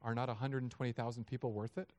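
Pastor in his thirties delivering a sermon, mid-pitched and animated, dry close-miked sound. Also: quick pace, dry recording. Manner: animated, acts out voices of God and people.

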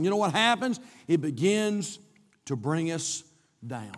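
A man's voice: high-pitched, lively intonation, normal speed, a little mellow, in a large hall. A male pastor delivering an emphatic, repetitive sermon in a church, swinging his delivery up and down. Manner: emphatic, repetitive preaching with rising and falling delivery. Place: church sanctuary, live-streamed.

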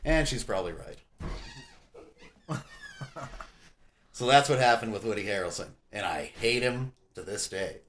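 A man telling a long casual story with lots of swearing, getting loud and high when he quotes himself yelling. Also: measured pace, long pauses, a little hiss or hum. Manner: profane, animated, loud when quoting himself. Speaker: podcast guest.

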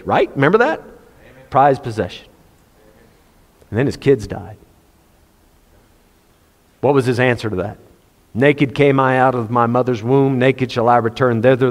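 A man preaching a sermon, speaking conversationally and quoting scripture in King James wording. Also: mid-range voice. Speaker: pastor. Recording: long hall reverb.

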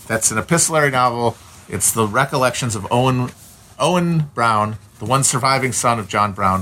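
A man's voice: mid-range voice, sharp tone. A man with an Upper Midwestern accent who streams, ranting casually in a profane, blunt and opinionated way with frequent restarts. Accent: Upper Midwestern American.

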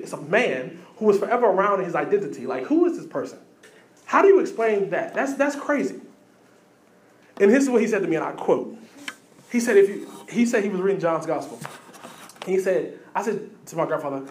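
Animated pastor in an echoey hall. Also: male voice, high-pitched. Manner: animated preaching with quick asides and repeated phrases. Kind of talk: sermon.

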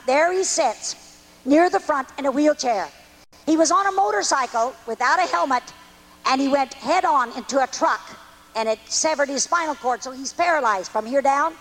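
Woman evangelist, very high voice, earnest folksy testimony preaching. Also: fairly bright tone. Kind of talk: testimony sermon.

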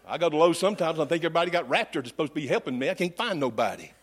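High-voiced preacher man. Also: lively intonation, very fast, background noise. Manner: folksy, humorous storytelling preacher. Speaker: pastor. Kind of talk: sermon.

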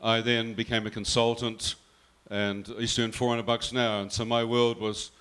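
A man tells his own story in a bright, forceful voice. He speaks earnestly and slips into his mother's words as he recounts them. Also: medium pitch, little pitch movement, moderate pace. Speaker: guest telling his testimony. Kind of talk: personal storytelling.

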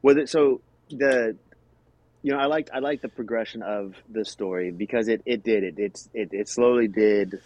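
A man's voice: on the low side, moderate pace, darkish tone, dry recording, rough recording. A man co-hosting a casual film discussion, earnest and repeating words as he builds his point. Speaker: podcast co-host discussing a film. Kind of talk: casual chat.

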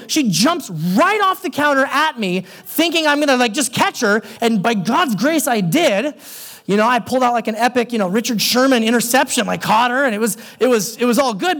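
A young man preaching a sermon as pastor, telling stories in a conversational way and dropping low and quiet for emphasis.

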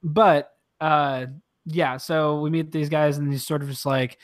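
A man co-hosting a casual podcast chat, retelling scenes with lots of swearing and quick mock quotes. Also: a little high. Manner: profane, animated retelling with quoted voices. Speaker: podcast co-host.

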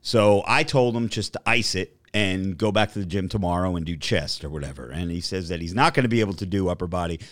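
A man in his thirties co-hosting a podcast in casual chat, profane and rambling, dropping into low mumbles and rising into loud rants. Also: fast talker, hardly any pauses, no echo. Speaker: podcast co-host.

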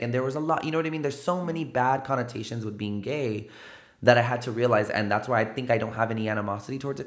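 A man in his thirties from San Antonio, a realtor telling candid stories as a podcast guest and acting out the dialogue. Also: medium pitch. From San Antonio, Texas. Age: 30s. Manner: animated storyteller, acts out quoted dialogue, many fillers. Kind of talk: candid interview conversation. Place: podcast studio.

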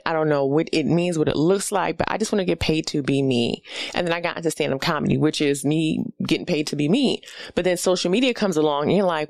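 Fairly low and gravelly, this voice belongs to a forty-something comedian from New York hosting a podcast. She rants bluntly, with plenty of profanity, in a casual monologue recorded with no room sound.

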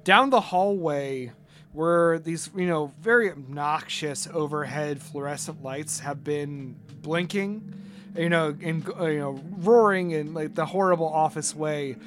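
A man narrating a tabletop game as game master, halting and full of fillers. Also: a little high, fairly bright tone, soft background music.

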